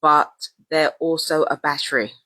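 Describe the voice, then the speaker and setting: A woman's voice: sits low, steady tone, moderate pace, pushed and bright, no room sound. A woman talking casually and at length in a vlog, often repeating herself and using slang. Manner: rambling and repetitive, casual slang. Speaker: vlogger. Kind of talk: casual monologue to camera.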